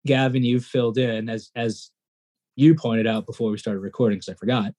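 A man co-hosting a podcast in casual chat, excitable and rambling, his voice jumping up when he gets worked up. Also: mid-range voice, a little fast. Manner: excitable, rambling, self-deprecating. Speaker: podcast co-host.

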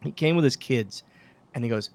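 A man, a former pro wrestler, telling backstage stories as a guest in a casual interview, lively and full of acted-out quotes. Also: medium pitch, moderate pace. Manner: animated anecdotes, acts out quoted dialogue, many restarts. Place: podcast studio.

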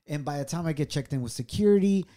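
A man's voice: a little high, expressive, quick pace, warm tone. A middle-aged man co-hosting a podcast, telling a personal story in an earnest, reflective way. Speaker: podcast co-host. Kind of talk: casual, heartfelt storytelling.

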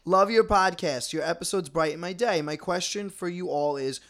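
Bright-voiced young man hosting. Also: sits high, moderate pace. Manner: wry, laughing, reads listener questions. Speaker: podcast host. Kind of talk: casual chat.

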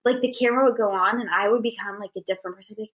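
A woman guest in a casual interview, telling stories in an animated way with many fillers. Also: medium pitch, very fast. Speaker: guest, YouTuber.

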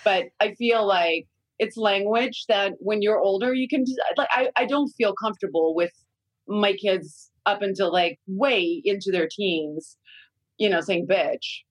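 A woman's voice: medium pitch, unhurried, dry recording, poor audio. A woman in her forties, a podcast guest, chatting candidly about raising young kids and swearing freely. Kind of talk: casual podcast chat.

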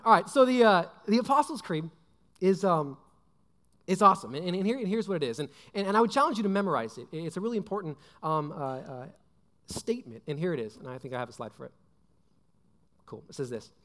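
A man's voice: on the high side, sing-song, fast talker, fairly bright tone. A young man preaching a casual, joking sermon, rambling with fillers and asides. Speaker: pastor. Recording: long hall reverb.

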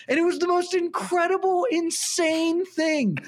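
A man on a sports podcast panel, chatting casually and rambling through long, animated tangents, with some swearing. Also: very high-pitched, measured pace, few pauses. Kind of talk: casual chat.

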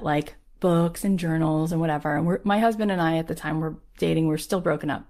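A woman, telling a personal story in an animated way and acting out the voices she quotes. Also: on the low side.

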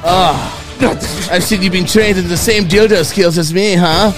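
A man's voice: sits high, fairly even intonation, unhurried, over music, voice pushed up. A man hamming up a Russian villain barista. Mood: menacing. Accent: put-on Russian accent. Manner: menacing, then screaming and begging. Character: disfigured male Russian villain posing as a barista. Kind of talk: improvised comedy role-play.

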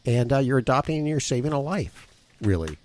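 A man's voice: mid-range voice, very animated, a little fast, a little mellow, slight background noise. A man hosting a pet radio talk show, chatting casually and earnestly urging listeners.

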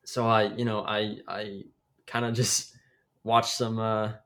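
A young actor tells a story in a hesitant, easygoing way. He pauses often and fills the gaps with ums and uhs. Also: lowish voice, flat delivery, fairly bright tone. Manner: hesitant, many fillers. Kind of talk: casual storytelling.

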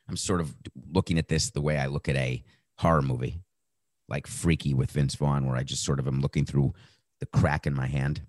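A man hosting a sports podcast, talking sarcastically and acting out quotes with animated, mocking voices. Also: rumbling low, fairly quick, no room sound, clean studio sound. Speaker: podcast host.

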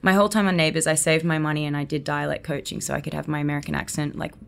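A woman's voice: sits low, little pitch movement, very fast, vocal fry. A woman in her twenties with an Australian accent, chatting as an actress guest in an interview and telling stories with acted-out quotes. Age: 20s. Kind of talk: casual interview chat.

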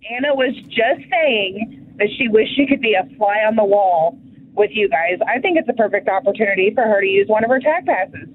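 A woman's voice: medium pitch, expressive, a little fast. A woman calling in to a radio show, matter-of-fact and stirring things up. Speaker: caller. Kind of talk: call-in to radio. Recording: tinny phone line with faint hiss.

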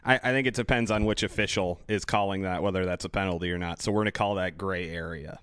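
Wry, lower-voiced young man. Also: steady tone, quick pace, fairly bright tone, smooth, no room sound. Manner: wry, teasing, joke-cracking. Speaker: podcast co-host. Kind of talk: casual sports chat.

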